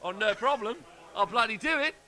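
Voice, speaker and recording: A man's voice: high voice, lively intonation, a little fast, pushed and bright, pitched above the performer's own voice, heavily acted. Man putting on a hammy Australian accent. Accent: put-on Australian. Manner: hammy, swearing playfully.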